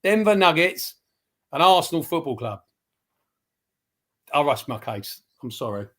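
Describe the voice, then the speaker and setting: Male pundit, a little higher-pitched, rambling and passionate. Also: sing-song, unhurried, pushed and bright. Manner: rambling, passionate, many restarts. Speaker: football pundit. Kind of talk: casual livestream football chat.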